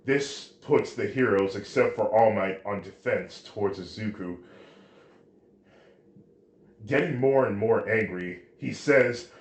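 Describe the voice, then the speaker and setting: A man reading a fan story aloud, halting now and then with restarts. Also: fairly low pitch. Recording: roomy echo.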